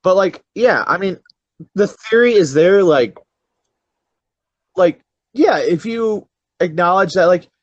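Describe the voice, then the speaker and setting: A man co-hosting a podcast in casual chat. He speaks haltingly, with many fillers and some swearing. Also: high-pitched, lively intonation, dry recording, lo-fi sound. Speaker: podcast co-host.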